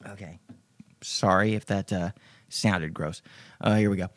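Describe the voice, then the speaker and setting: A man's voice: low voice, fairly even intonation, a little slow, no room sound. Profane, rambling man hosting a podcast. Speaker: podcast host. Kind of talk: casual live-streamed Q&A podcast.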